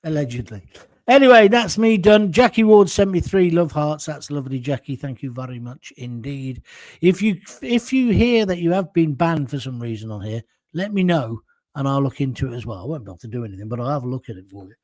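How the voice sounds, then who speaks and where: A middle-aged British man hosting a solo commentary stream, talking in a chatty, blunt and jokey way. His voice sits a little higher than most men's. He reads out viewer comments as he goes. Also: animated, a little fast, a little mellow, no room sound. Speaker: show host.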